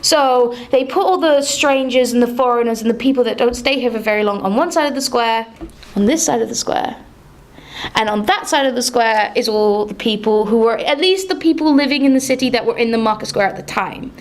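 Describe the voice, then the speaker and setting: A woman leads a tabletop role-playing game as game master, setting scenes and describing the action. Her voice sits fairly high. She tells the story in a lively, chatty way, with the odd filler along the way. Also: fairly quick.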